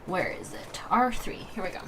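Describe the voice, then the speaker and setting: A woman's voice: medium pitch, animated, normal speed, noisy background. A young woman hosting an art livestream, chatting casually and giggling, with lots of fillers while she draws. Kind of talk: casual chat while drawing.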